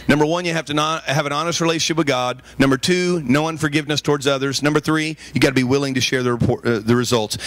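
A man's voice: on the high side, fairly bright tone. A male pastor preaching a sermon, telling personal stories and calling the congregation for amens.

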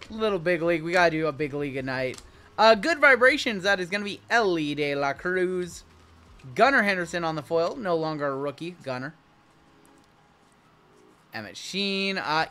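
Bright-voiced man hosting a card break. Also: fairly high pitch. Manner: chatty, rambling, calls out cards. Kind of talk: casual live-stream chat.

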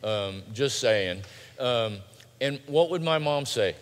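A male pastor preaching a sermon in a large church, swinging between loud urgent pleading and quiet hushed lines. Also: mid-range voice, lively intonation, a little slow. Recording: long hall reverb.

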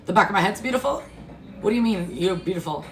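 A woman's voice: mid-range voice, expressive, fast talker. Woman streamer, casual and foul-mouthed, mid-range voice, phone mic in an echoey kitchen. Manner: blunt, profane and laughing. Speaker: livestream host. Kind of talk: casual chat while eating. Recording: echoey room with faint music.

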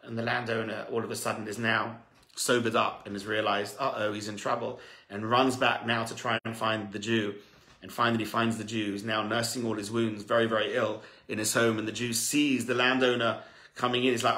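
A man, a rabbi, preaching a sermon through dramatic stories, moving between hushed asides and fervent, rising calls to his listeners. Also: lowish voice, steady tone, a little fast, echoey room. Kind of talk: storytelling sermon.

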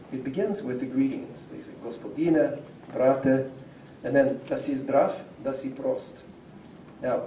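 A man, a professor, giving a public lecture in a conversational, explaining way and reading out word examples. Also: medium pitch. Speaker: professor of Slavic linguistics. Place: civic centre lecture room. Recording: echoey room, voice from far off, faint hum.

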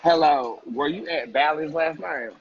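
A man's voice: on the high side, unhurried, dull audio, faint music behind. A man hosting a casual livestream from a restaurant, talking in a sassy, profane, playful way. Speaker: livestream host. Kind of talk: casual livestream eating chat.

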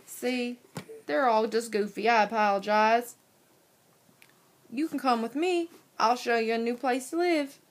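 A woman's voice: a little high, unhurried, natural voice. Woman playing a prissy girl cootie bug. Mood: scolding. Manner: prissy and scolding. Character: prim, fussy young girl cootie bug. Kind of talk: cartoon voice acting.

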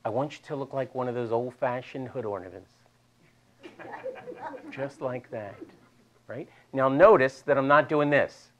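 A middle-aged man with a Delaware accent, a physical therapist presenting a live seminar to an audience and demonstrating stretches in a chatty, animated way. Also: medium pitch, normal speed, muffled recording, a crowd in the background. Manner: animated, chatty, repeats himself for emphasis.

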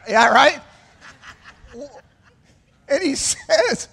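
A pastor with a high voice delivers a sermon in a church sanctuary, taking his time with long pauses. He's energetic and conversational, having the congregation echo his words as his voice rings through the hall's long reverb.

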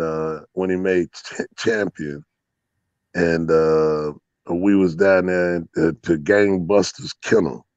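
Profane, rambling man, low voice. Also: darkish tone, clear, resonant tone, no room sound, muffled recording. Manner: rambling, profane, laughing storyteller with many fillers. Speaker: interview guest, dog breeder. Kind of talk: casual storytelling interview.

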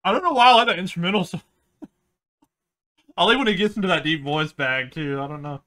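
A man's voice: high-pitched, brisk, sharp tone. A young man hosting a music reaction video, talking casually in a crude, rambling, joking way. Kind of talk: casual album reaction commentary. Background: album playing in the background.

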